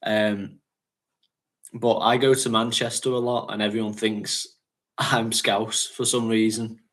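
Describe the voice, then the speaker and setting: A man's voice: on the low side, flat delivery, measured pace, a bit bright. A man from North West England, hosting a casual livestream chat and rambling, chatting and laughing often. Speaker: fragrance channel host.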